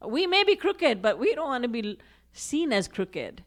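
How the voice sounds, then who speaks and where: A woman's voice: a little high, big pitch swings, moderate pace. A woman giving a devotional discourse, reciting verses and acting out quoted speech with expression. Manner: recites Sanskrit and Hindi verses. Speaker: spiritual teacher.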